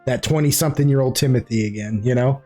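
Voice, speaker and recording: A man's voice: mid-range voice, quick pace, mellow, faint music behind. A man narrating a tabletop role-playing game as game master in a casual, chatty manner.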